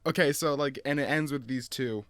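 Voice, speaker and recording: A podcast co-host with a mid-range voice talks fairly quickly in a dry, echo-free recording. He retells movie scenes in a casual chat, animated and full of fillers and laughter.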